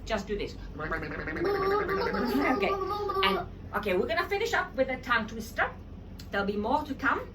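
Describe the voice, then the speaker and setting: A woman's voice: high voice, sing-song, moderate pace, distant mic, very noisy. A woman teaching a children's drama lesson at home, coaxing and encouraging. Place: home room with her child.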